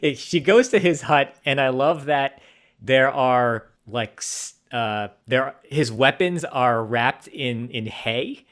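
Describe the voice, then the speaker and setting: A man with a bright, lively voice talks casually about a film on a podcast. He is wry and amused and acts out his own reactions along the way. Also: mid-range voice, takes it slowly. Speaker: podcast co-host. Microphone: podcast mic.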